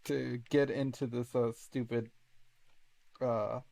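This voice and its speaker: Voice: little pitch movement, slow, gravelly, dark tone. A streamer giving live commentary over a video game, making wry joking asides. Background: game audio turned low.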